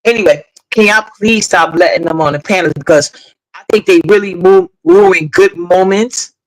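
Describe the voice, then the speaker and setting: A woman's voice: on the low side, moderate pace, low-quality recording. A woman hosting a casual live stream, talking bluntly and at length, swearing freely and greeting viewers in the chat between points.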